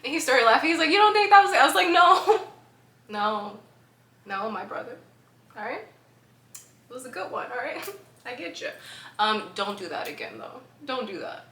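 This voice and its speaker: Chatty woman vlogger, bright and echoey. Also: a little high, expressive, normal speed, long pauses. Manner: chatty, laughs often, filler-heavy. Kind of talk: casual storytelling to camera. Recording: echoey room with faint background hum.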